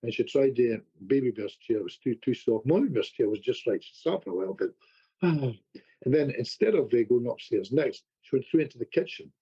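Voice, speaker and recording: A husky-voiced man, middle-pitched, spins an anecdote as a podcast guest. He talks in animated bursts and trips over his own restarts. The audio is dull and lo-fi. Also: brisk. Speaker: hypnotherapist guest. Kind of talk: storytelling in a podcast conversation.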